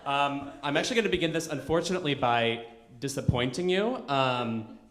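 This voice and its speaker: A male stand-up comedian with a flamboyant, quick, auctioneer-like delivery. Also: medium pitch, lively intonation, a bit bright, reverberant, a little hiss or hum. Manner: quick, flamboyant, self-described effeminate auctioneer energy. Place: comedy club stage.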